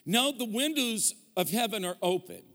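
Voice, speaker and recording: Joking pastor preaching in a big hall. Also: male voice, high-pitched, sing-song, normal speed, bright, forceful tone. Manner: humorous, storytelling preacher with call-and-response. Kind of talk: sermon. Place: large church hall. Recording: long hall reverb.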